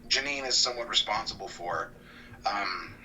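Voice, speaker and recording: A man guest talking casually about cartoons, rambling and restarting, often trailing off quieter. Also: lowish voice, moderate pace. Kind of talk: casual interview chat. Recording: distant mic with faint noise.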